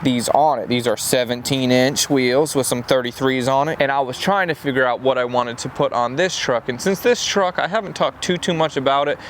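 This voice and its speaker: A young man casually vlogging about a truck build, relaxed and peppered with "dude". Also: mid-range voice, fairly quick, few pauses. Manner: laid-back, says "dude" a lot. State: out of breath. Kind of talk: casual shop vlog talk. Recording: noisy outdoor camera audio.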